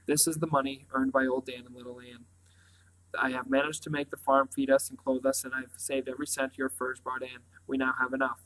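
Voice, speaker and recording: A man's voice: level tone, fast talker, few pauses, fairly bright tone, natural voice, low-quality recording. A man reading a solemn farm father. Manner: low and earnest. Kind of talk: storybook reading.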